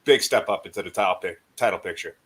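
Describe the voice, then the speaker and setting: A man's voice: low voice, fast talker, crowd noise, poor audio. Man steadily recapping fights. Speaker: co-host and fight commentator. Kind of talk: casual chat recapping fights.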